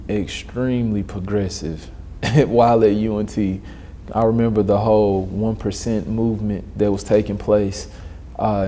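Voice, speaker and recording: Young man, interview guest, lively storyteller, low mellow voice. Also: a little hiss or hum. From Dallas, Texas. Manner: animated storyteller, acts out quoted voices.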